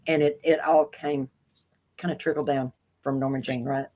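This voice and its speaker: A woman's voice: extremely low pitch, steady tone, moderate pace, lo-fi sound. A woman hosting an interview show, speaking in a gracious and polite way to her guest. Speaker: show host.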